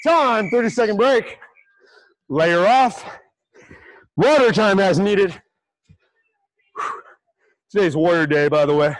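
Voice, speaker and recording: A man's voice: sits high, expressive, slow, long pauses, no room sound, low-quality recording. A man coaching a livestream workout, breathless and encouraging, counting down reps. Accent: American. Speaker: fitness coach.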